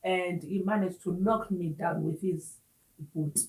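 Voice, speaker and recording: A woman, an interview guest giving personal testimony in an earnest, halting way and mixing in Xhosa words. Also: lowish voice, darkish tone. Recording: roomy echo, distant mic.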